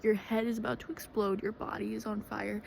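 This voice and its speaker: Young woman, casual vlog storyteller, dramatic and filler-heavy, mid pitch. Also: flat delivery, fairly quick, gravelly, darkish tone, slight background noise, low-quality recording. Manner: chatty, dramatic, full of fillers. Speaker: vlogger.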